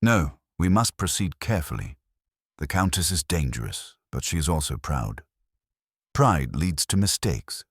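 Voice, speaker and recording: A man voicing a fastidious older Belgian detective who speaks in a measured, deliberate way. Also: very deep voice, big pitch swings, fairly bright tone, breathy edge, no echo, studio quality, heavily acted. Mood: suspicious.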